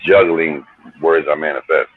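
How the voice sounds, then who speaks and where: A man's voice: rumbling low, steady tone, normal speed, phone-quality sound, a little hiss or hum. A middle-aged man from New Jersey, a hip hop artist telling stories in a laid-back, slangy, profane way. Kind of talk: casual storytelling interview.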